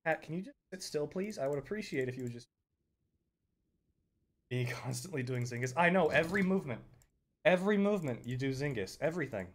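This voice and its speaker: A young man streaming a game, chatting casually with viewers, laughing often and breaking into loud outbursts. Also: fairly high pitch, animated, fairly quick. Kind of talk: casual live-stream commentary.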